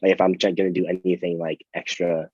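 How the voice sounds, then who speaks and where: A young man, a college athlete, telling stories in a relaxed, rambling way with many fillers and restarts. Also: low-pitched, fast talker, no echo, highs cut off. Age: young adult. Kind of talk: casual storytelling interview.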